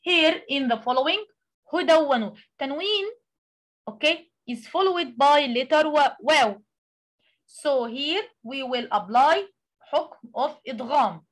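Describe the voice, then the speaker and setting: A woman who speaks Arabic natively, teaching a tajweed lesson in English, explaining with many pauses and reciting examples. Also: sits high, lively intonation. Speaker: Quran recitation tutor.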